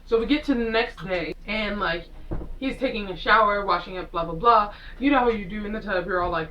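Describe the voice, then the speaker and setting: A woman's voice: mid-range voice, fairly quick, bright, forceful tone, far from the mic, slight background noise, low-quality recording. A woman casually recapping a film with sarcastic asides, rambling and acting out the characters as she goes. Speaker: vlogger reviewing a film. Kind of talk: casual chatty movie recap.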